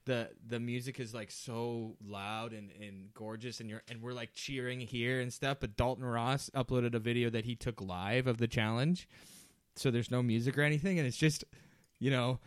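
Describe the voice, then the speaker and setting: Man, podcast co-host, casual chat, rambling, smooth voice, dry close sound. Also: mid-range voice, fairly even intonation, moderate pace, dry recording. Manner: rambling, laughs often, many restarts.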